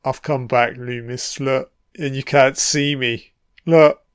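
A man putting on the voice of a masked slasher killer, taunting in a low, mocking murmur. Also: fairly even intonation, slow, smooth, no echo, clean studio sound, lightly acted.

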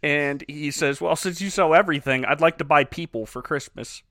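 A man with a bright, fairly high voice tells the plot of a bad movie in a wry, storytelling way. The sound is close and dry, with no room around it. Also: moderate pace, no room sound. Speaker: podcast co-host recapping a movie. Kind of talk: casual comedic movie recap.

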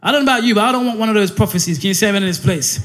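A man preaching a sermon, animated, often saying "listen" and "um" between phrases. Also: sits high, rapid-fire.

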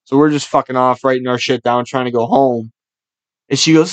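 A young man hosting a casual podcast, telling rowdy stories full of swearing and animated voices for the people in them. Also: medium pitch, brisk, dry recording. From Buffalo, New York area. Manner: loud, swearing, storytelling with animated impressions. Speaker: podcast host.

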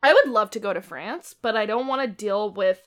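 A young woman co-hosting a horror podcast, chatting casually and joking with quick asides. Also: mid-range voice. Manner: joking, swearing, fast asides. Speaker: podcast co-host. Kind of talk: casual chat over a horror film.

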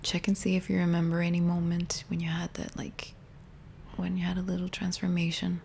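Soft-spoken woman, half-whispered, gravelly. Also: lowish voice, monotone, brisk, a little hiss or hum. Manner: gentle, intimate, rambling with many restarts. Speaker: spiritual healing teacher. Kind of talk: soft, partly whispered reflective talk to viewers.

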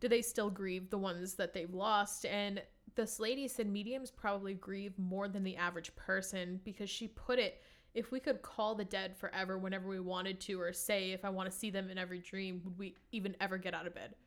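A woman co-hosting a casual podcast chat, talking in a relaxed, rambling way with many "like" fillers and some casual swearing. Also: medium pitch, fairly quick. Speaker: podcast co-host.

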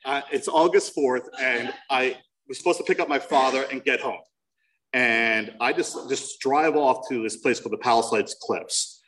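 A man in his forties from New Jersey tells his own recovery story at a meeting. His voice sits at an ordinary pitch, and his delivery is frank and self-mocking with dry jokes. The mic picks him up from across a meeting room. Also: moderate pace, a bit bright, distant mic, rough recording. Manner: candid and self-mocking, with wry humor.

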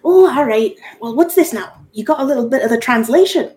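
A woman's voice: high-pitched, lively intonation, fairly quick, a little mellow, pitched above the performer's own voice. A woman voicing a peppy young woman with a breezy, upbeat way of talking. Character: peppy woman who claps in circles.

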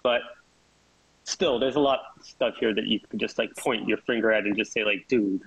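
A man's voice: lowish voice, steady tone, normal speed, creaky, fairly bright tone, breathy edge, no echo. A man talking wrestling on a podcast in casual chat, rambling and emphatic, sometimes laughing mid-sentence. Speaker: co-host wrestling pundit. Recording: dull lo-fi dry recording.

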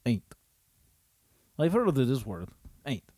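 Man playing a deadpan russian tough guy in a comedy sketch, mellow voice that swings around, clipped broken english, dry room. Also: medium pitch, slow, no echo. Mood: stubborn, puzzled. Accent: put-on Russian. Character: blunt, boastful Russian man Ivan, gruff and stubborn.

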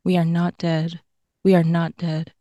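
A woman with a lowish, mellow, warm voice reads a poem aloud in a measured, rhythmic way. The sound is close and dry. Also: flat delivery, no echo, muffled recording. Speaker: podcast co-host. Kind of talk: reading a bio and a poem aloud.

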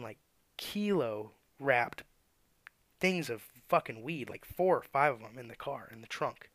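A man's voice: mid-range voice, a bit bright, no room sound. A man who works as an auto mechanic, telling shop stories in a blunt, profane, ranting way. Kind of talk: casual storytelling rant.

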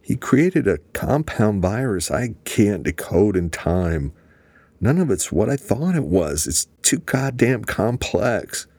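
A man voicing a desperate, grieving man who pleads in a raw, tearful voice, pitched higher than his narration. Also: very animated, takes it slowly, a little mellow, breathy edge, no room sound, exaggerated voice. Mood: anguished.

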